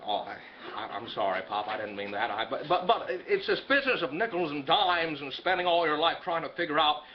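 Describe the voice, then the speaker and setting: A man's voice: fairly high pitch, expressive, brisk, natural voice. Man playing an earnest stammering young dreamer; slightly dull recording.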